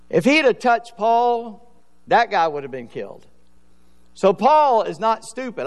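A man's voice: high-pitched, animated, normal speed, in a large hall. A man preaching a sermon in a conversational way, acting out Bible scenes in slangy everyday voices. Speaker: pastor.

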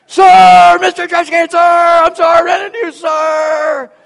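A man voicing a harsh male military drill instructor who shouts clipped commands. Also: extremely high pitch, level tone, measured pace, vocal fry, pitched above the performer's own voice, full character voice. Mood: barking.

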